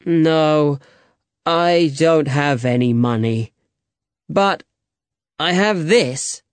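A man voicing a reckless, hot-headed young swordsman in an audiobook, eager and quick to raise his voice. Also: fairly high pitch, clean tone, dry recording. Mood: brash. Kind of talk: audiobook character reading.

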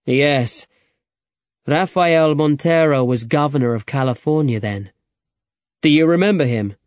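A man's voice: fairly high pitch, unhurried, dry recording, natural voice. A man doing a grave old swordmaster. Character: old male master swordsman, grave and strong. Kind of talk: audiobook character reading.

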